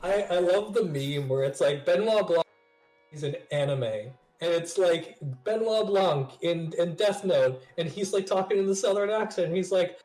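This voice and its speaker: A man co-hosting a podcast in casual chat, excitable, swearing and laughing often, recorded in an echoey room. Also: high-pitched, normal speed, faint music behind. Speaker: podcast co-host.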